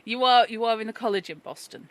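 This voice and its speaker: A woman's voice: fairly high pitch, fairly even intonation, quick pace. A woman narrating a tabletop horror game as game master, wry and joking, with frequent fillers.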